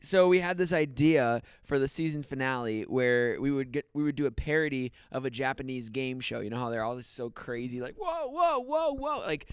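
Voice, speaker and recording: A young man co-hosting a casual podcast, eager and rambling, quick to laugh. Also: mid-range voice, fairly even intonation, clear, resonant tone, no echo. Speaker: podcast co-host. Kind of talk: casual chat.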